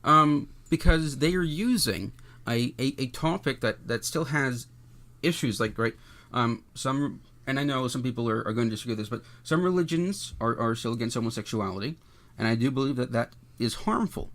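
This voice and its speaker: A man's voice: mid-range voice, moderate pace, fairly bright tone. A man from Canada, co-hosting a casual political podcast and talking emphatically, often repeating words as he starts a point. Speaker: podcast co-host.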